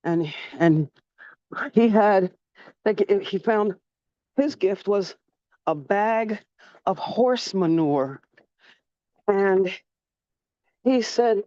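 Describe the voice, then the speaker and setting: A woman's voice: medium pitch, drawn-out words, pauses often, mellow, dry recording, dull audio. A woman facilitating an online group sharing circle. She is effusive and keeps repeating her thanks. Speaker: meeting facilitator.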